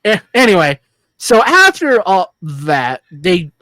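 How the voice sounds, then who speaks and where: A low-voiced woman co-hosts a film review podcast. She rambles and jokes crudely in a very lively, swinging tone that often restarts itself, and she is recorded dry with no room sound. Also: slow, dry recording. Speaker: podcast co-host. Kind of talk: casual film review chat.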